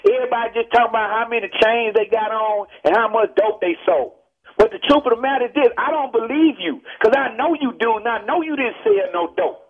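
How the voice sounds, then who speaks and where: A man's voice: very high voice, a little fast. A man with a Texan Southern accent, calling in as a guest to a radio interview and talking emphatically, sounding tinny over a phone line. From Texas. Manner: emphatic, preachy, keeps repeating "man". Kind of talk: heated call-in radio interview. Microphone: telephone.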